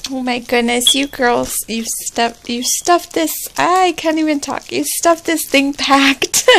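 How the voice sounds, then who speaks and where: A woman vlogger chatting casually through an unboxing, gushing and excitable, with squealing exclamations. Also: high voice, takes it slowly, creaky.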